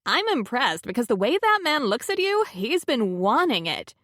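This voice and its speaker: A woman's voice: on the high side, sing-song, moderate pace, a bit bright, no room sound, clean studio sound, voice pushed up. A woman voicing a stern, protective female friend who fires off firm, pushy questions in an audiobook. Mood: stern concern.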